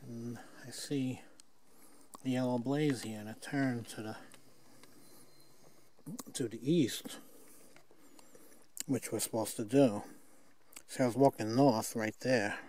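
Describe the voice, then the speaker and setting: A man's voice: medium pitch, steady tone, slow, pauses often, dark tone, a little hiss or hum. An older man filming himself on a forest trail, rambling and chuckling at himself in a casual hiking vlog. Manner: rambling, self-mocking, chuckling. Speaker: hiker filming his hike. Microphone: handheld camera mic.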